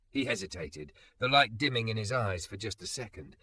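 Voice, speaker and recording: Expressive male story narrator. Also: medium pitch, fairly quick, vocal fry. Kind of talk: scripted first-person story narration.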